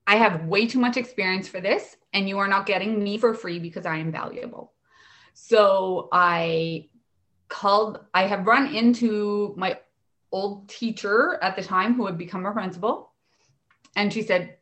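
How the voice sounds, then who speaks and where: A woman in her thirties, an educational assistant, telling lively stories about her work and acting out the voices of the people in them. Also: mid-range voice, normal speed. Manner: animated, acts out voices in anecdotes. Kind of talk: casual storytelling.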